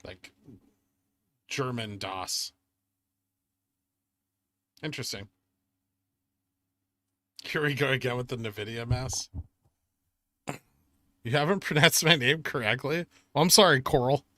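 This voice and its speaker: A man's voice: mid-range voice, normal speed, long pauses, pushed and bright, no echo. A man streaming live, reading chat aloud and bantering in a sardonic way, swearing often and laughing at himself.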